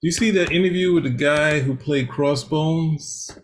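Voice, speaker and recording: A man's voice: on the high side, normal speed. A man co-hosting a podcast, rambling in casual chat with many hesitations. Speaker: podcast co-host.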